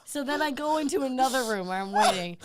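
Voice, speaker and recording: A woman guest on a podcast, telling a story in a casual, animated way, swearing and acting out the people in it. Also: sits high, fast, a crowd in the background. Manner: animated, profane, acts out others in the story.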